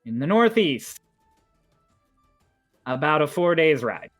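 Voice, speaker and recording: A woman's voice: low-pitched, sing-song, slow pace, soft background music, exaggerated voice. A woman doing Lorelei, a chipper young sailor. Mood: matter-of-fact.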